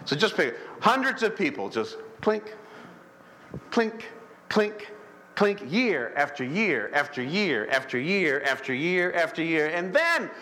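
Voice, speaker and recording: Guy preaching a sermon in church, voice on the high side, acts out the people in the story. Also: takes it slowly. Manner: animated preaching, acting out characters, calls for amen. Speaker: pastor.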